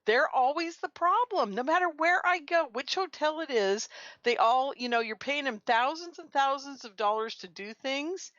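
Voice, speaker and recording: A woman guest on a radio talk show, telling lively stories and laughing often. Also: sits high, moderate pace, no echo. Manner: animated storyteller, laughs often. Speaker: guest, conference organizer. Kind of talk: casual radio chat. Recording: muffled lo-fi audio.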